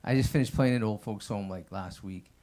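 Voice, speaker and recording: A man's voice: fairly low pitch, a little fast, mellow. A man doing a loose, rambling stand-up set at an open mic, peppering his talk with "like" and "man". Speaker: stand-up comedian. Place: stage at an open mic showroom.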